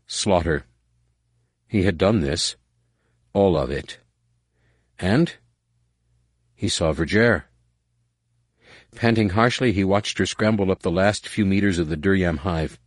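A man reading a dramatic story as narrator, measured, with slow emphatic pauses. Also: sits low, dry recording, clean studio sound. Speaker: audiobook narrator. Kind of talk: scripted narration.

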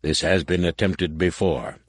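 A man voicing a stern, menacing alien male war master with a rasping, growling delivery. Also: sits low, steady tone, a little slow, no room sound, clean studio sound. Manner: curt, threatening.

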